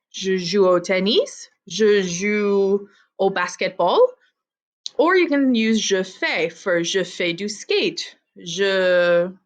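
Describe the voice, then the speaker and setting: A woman teaching a vocabulary lesson to students, with slow repeat-after-me drilling. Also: mid-range voice. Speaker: French teacher.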